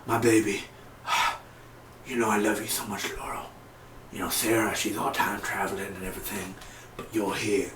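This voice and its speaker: A man voicing a grieving middle-aged police captain father, speaking in a hushed, tender, halting way in a roomy-sounding recording. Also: fairly low pitch, level tone, far from the mic, background noise, lightly acted. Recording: roomy echo.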